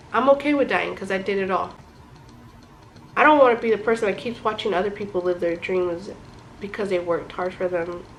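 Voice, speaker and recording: Young woman vlogger, casual and animated, mid-range voice, faint room hum behind. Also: medium pitch, rough recording. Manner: chatty and animated, addresses viewers as guys. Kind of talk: casual advice talk to camera.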